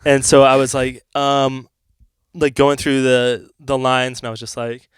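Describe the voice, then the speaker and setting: Smooth-voiced man chatting laid-back. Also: medium pitch, flat delivery, measured pace, dry recording, studio quality. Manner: laid-back, uses filler words, laughs along. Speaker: podcast co-host, band member. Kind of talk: casual chat.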